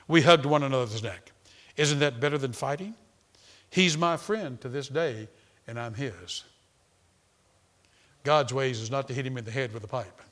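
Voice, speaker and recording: A man preaching a sermon, retelling stories dramatically with sudden swings between loud calls and quiet asides. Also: mid-range voice, normal speed, long pauses. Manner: dramatic storytelling with big swings of volume.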